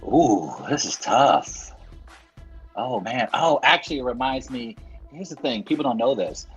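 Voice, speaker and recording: A man co-hosting a comedy podcast, delivering a mock-serious, deadpan running gag. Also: mid-range voice, unhurried, slightly rough, soft background music. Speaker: podcast co-host.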